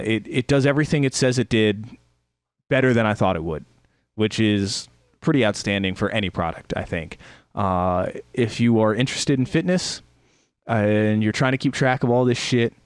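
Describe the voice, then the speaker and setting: A man's voice: on the low side, smooth, no echo. A man co-hosting a podcast, reviewing a product in casual chat, rambling with fillers and restarts. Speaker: podcast co-host.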